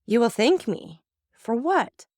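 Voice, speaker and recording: A woman's voice: fairly high pitch, very animated, slow, a little mellow, dry recording, studio quality, pitched above the performer's own voice. A woman voicing a terrified, cornered wife who stammers and pleads.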